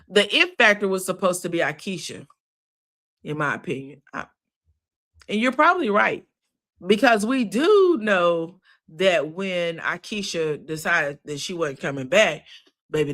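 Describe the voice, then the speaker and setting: A woman's voice: fairly low pitch, fairly bright tone. A woman giving a chatty, sassy recap of a reality show, full of asides. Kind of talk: casual recap commentary.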